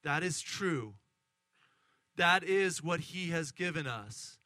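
A middle-aged man preaching a lively sermon, acting out excited voices and asking the congregation questions. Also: fairly high pitch, takes it slowly, no echo. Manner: animated, acts out excited voices, addresses congregation. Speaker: pastor.

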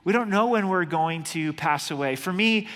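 Guy preaching a sermon, kinda high voice, earnest, big echoey church hall. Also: normal speed, a bit bright. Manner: earnest, urgent preaching with repeated word starts. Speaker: pastor.

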